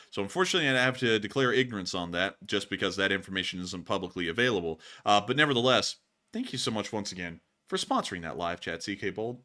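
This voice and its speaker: Bright-voiced, excitable male stream host. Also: on the low side. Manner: laughs often, rambling and excitable. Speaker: livestream news host. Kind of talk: casual livestream chat.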